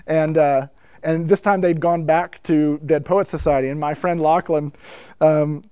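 Male speaker, higher pitch, casual lecture with acted-out quotes, dry recording. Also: clean tone, dry recording. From North America. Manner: animated, acts out quotes, laughs while telling stories. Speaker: speaker giving a talk on church worship history.

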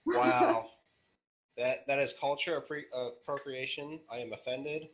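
A man's voice: mid-range voice, fairly even intonation, moderate pace, fairly bright tone, poor audio. A man as a podcast guest, answering questions in a laid-back way with dry jokes. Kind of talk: casual podcast interview.

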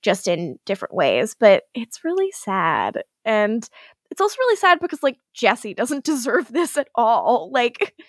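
A woman on a podcast recaps an episode in loose, animated chat, often laughing and jumping into the characters' lines. Her voice sits a little high. The sound is dry and close. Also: a little slow, dry recording. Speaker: podcast co-host.

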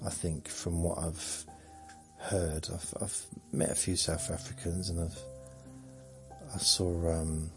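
A man with a low voice talks slowly through a rambling sleep-podcast monologue. He muses in a dry, self-mocking way, and faint music plays underneath. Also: level tone. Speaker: podcast host.

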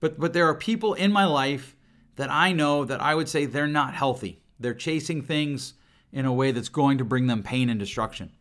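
A middle-aged man hosts a solo podcast from his home computer setup, speaking earnestly and reflectively into a desk microphone. His mid-range voice is a bit bright and moves at a moderate pace, and he often restarts and repeats words.

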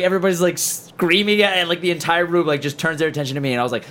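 A young man telling a story in casual podcast chat, animated and laughing often. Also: on the high side, very fast, hardly any pauses. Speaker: podcast co-host.

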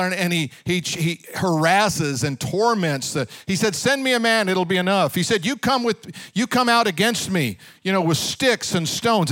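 Brief: high-voiced male pastor, animated storyteller, dry close mic. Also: no echo. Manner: animated storytelling, direct questions to the congregation. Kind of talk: sermon.

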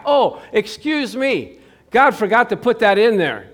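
A middle-aged male pastor delivers a lively sermon in a church. His voice sits high for a man. He keeps it conversational and jokey, slipping into playful voices for the people he quotes. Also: a little slow.

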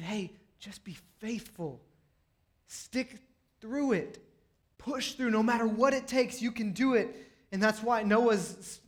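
A young man with a high, light voice delivers a lively, conversational sermon. He talks straight to the congregation and jumps into little acted-out quotes. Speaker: pastor.

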